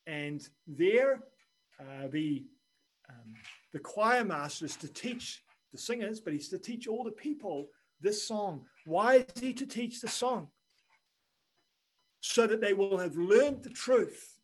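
A man preaching a sermon in an earnest, measured way, dropping quiet and then rising for emphasis. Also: high voice, slightly rough, low-quality recording. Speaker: pastor.

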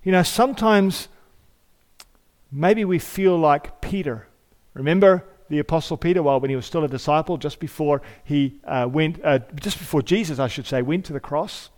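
A man's voice: on the high side, normal speed, darkish tone. A male pastor preaching a sermon in a church. He talks conversationally, asks rhetorical questions and repeats key phrases. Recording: long hall reverb.

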